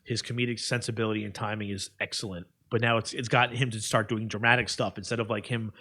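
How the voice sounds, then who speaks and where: A man's voice: on the low side, little pitch movement, quick pace, bright, forceful tone. A man co-hosting a podcast, agreeing easily and rambling through casual talk with lots of fillers. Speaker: podcast co-host. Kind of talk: casual chat.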